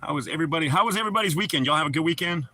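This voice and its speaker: A man's voice: a little high, very fast, bright, forceful tone. A man hosting a livestream, chatting casually and profanely with viewers and joking around. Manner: profane, joking, talks back to chat. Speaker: livestream host.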